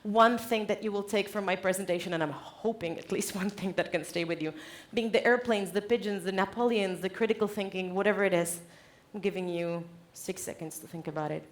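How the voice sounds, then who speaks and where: A woman giving a conference keynote on stage, direct and lively, laughing often. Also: mid-range voice, a little fast, few pauses. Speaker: conference speaker.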